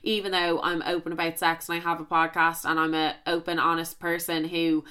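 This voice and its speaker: Blunt, bright-voiced young woman. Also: sits low, level tone, fairly quick, clear, resonant tone. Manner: candid and emphatic, swears freely. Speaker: podcast host. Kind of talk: casual podcast storytelling.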